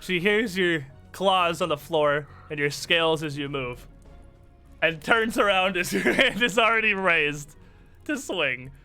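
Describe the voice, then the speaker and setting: A man narrating as game master in a tabletop game, animated and often laughing. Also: high-pitched, measured pace, clean tone, faint music behind.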